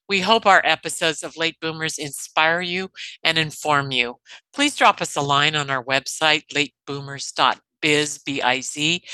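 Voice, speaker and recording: A woman's voice: low-pitched, bright, forceful tone, dry recording, rough recording. A woman co-hosting a podcast, asking the guest questions and reading the show's upbeat sign-off. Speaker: podcast co-host. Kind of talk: podcast host outro.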